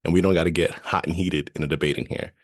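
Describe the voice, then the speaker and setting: Male co-host, extremely deep voice, reasoning aloud, dry recording. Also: fairly even intonation, quick pace, no echo. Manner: thinks aloud, restarts, reasoning. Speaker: podcast co-host. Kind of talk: casual chat.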